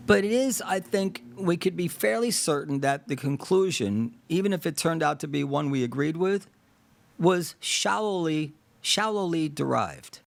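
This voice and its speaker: A man's voice: on the high side, creaky, dry recording. Man, podcast host, casual talk, thinks aloud, acts out dialogues, dry room. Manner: animated, acts out imagined dialogues; digressive, thinks aloud with fillers. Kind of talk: casual political discussion.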